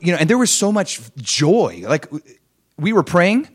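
Animated pastor acting out stories. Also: male voice, normal speed. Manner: conversational, tells stories and asks the congregation questions; acts out quoted people with big swings in pitch and loudness. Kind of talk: sermon.

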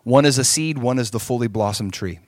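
A man preaching a sermon, moving between hushed asides and emphatic points and often checking in with the congregation. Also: mid-range voice, a little fast, dry recording. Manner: asks the crowd for agreement often. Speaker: pastor.

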